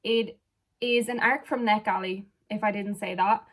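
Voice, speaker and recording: A woman's voice: mid-range voice, steady tone, moderate pace, a bit bright. A young woman from Ireland, a book vlogger chatting casually and rambling off on tangents while sitting far back from the camera at home. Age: young adult. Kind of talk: casual chat.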